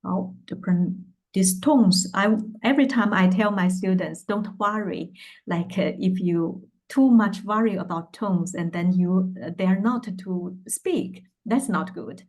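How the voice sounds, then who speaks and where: A woman's voice: mid-range voice, a little slow, a little mellow, low-quality recording. A Mandarin teacher, a woman with a Chinese accent, explaining tones in English with many hesitations and Chinese fillers. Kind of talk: casual online language lesson.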